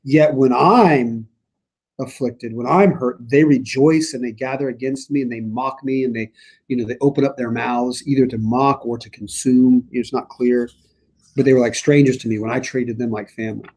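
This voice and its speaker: A man teaching a small church Bible study, his voice mellow and a little husky. He talks in a casual, thinking-aloud way. When he reads scripture passages aloud, he gives them added emphasis. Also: mid-range voice, fairly even intonation, normal speed. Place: church meeting room.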